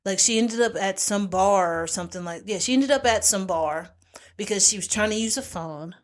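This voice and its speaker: A woman in relaxed podcast conversation, walking a friend through a film's story. She tells it with animation, slipping into the characters' voices as she goes. Her voice sits in a middle pitch. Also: normal speed. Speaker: podcast co-host. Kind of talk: casual chat recapping a movie.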